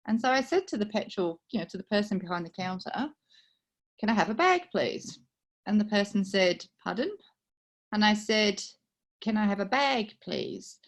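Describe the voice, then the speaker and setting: A middle-aged woman from the UK with a British accent and a slight Australian twang, telling a personal story in a soft, conversational, self-deprecating way over a video call. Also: medium pitch. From United Kingdom. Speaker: table topics speaker.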